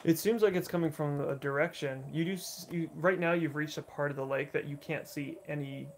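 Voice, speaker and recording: A man running a tabletop game as dungeon master, describing scenes with many pauses and fillers. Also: on the high side, steady tone, a little hiss or hum. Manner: halting, filler-heavy descriptive narration. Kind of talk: narrating a tabletop game livestream.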